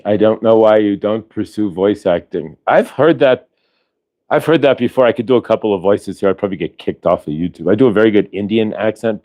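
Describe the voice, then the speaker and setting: A man hosting a morning show in a loose, rambling way, circling back and restarting his sentences. His voice sits on the low side and sounds close and dry, with almost no room around it. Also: a little mellow, dry recording. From Ohio, US. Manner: rambling, with many restarts and tangents. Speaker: host. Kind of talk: casual chat.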